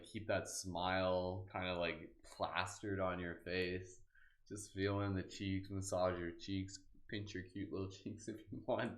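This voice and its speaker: A man hosting a live guided meditation, speaking in a relaxed, casual way full of "like" and "kind of", leading affirmations and laughter breathing. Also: sits low, echoey room. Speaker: meditation host.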